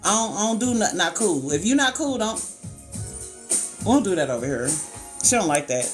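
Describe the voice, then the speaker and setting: A woman's voice: on the low side, sing-song, brisk. A woman counselor hosting a casual live-stream chat, blunt and colloquial, breaking into sound effects and laughter. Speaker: licensed counselor and channel host. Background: faint background music.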